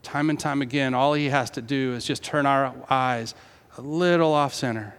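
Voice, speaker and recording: A pastor from the United States preaching a sermon with impassioned delivery, swinging between hushed tones and raised, quoted lines. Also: male voice, mid-range voice, normal speed, clear, resonant tone, long reverb tail.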